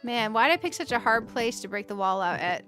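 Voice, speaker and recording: Chatty higher-voiced woman playing a game. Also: lively intonation, brisk, a bit bright, soft background music. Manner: chatty, thinking aloud, addresses viewers directly; playful and self-mocking. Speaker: gaming channel host. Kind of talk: casual let's-play commentary.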